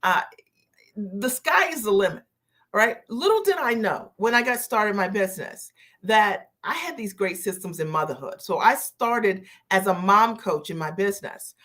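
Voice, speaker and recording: A woman business coach hosting a live stream, greeting viewers by name and repeating her key phrases slowly for emphasis. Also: mid-range voice, lively intonation, fairly bright tone.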